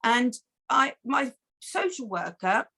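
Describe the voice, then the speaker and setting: Middle-aged woman, foster carer answering interview questions, earnest and animated, slightly high voice. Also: slow pace, creaky, breathy edge. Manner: earnest, animated storytelling with many restarts.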